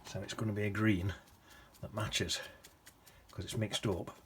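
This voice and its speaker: Low-voiced man teaching watercolour. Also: flat delivery, a little slow, a little hiss or hum. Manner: chatty, drifts into soft whispers and hums while painting. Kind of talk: casual painting demonstration.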